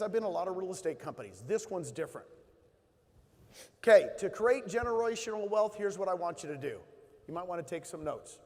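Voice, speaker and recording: Man in a big reverberant hall, a motivational speaker, emotional and emphatic. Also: sits high. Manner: emotional storytelling, rising to emphatic bursts. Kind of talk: motivational talk to an audience.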